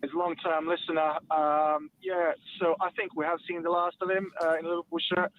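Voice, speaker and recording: Quick, lively man on a phone line. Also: on the high side, dry recording. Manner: measured, matter-of-fact, quick delivery. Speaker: radio phone-in caller. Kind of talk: call-in opinion. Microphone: telephone. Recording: phone line with faint household noise. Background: a toddler at home.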